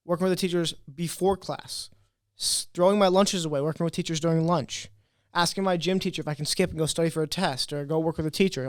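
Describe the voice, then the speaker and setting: Animated young man telling stories. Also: fairly high pitch, no echo, clean studio sound. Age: 20s. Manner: animated storyteller, acts out quotes. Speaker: podcast guest. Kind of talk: casual interview talk.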